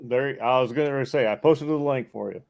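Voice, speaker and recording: A man's voice: medium pitch, normal speed, vocal fry, a little mellow. A man hosting a casual live stream, trading blunt, swearing banter with his guests.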